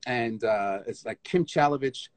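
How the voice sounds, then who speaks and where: A man as guest in a casual live interview, an animated storyteller who scats rhythms and restarts often, on a phone stream. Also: mid-range voice, measured pace, no room sound. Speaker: guest tap dancer.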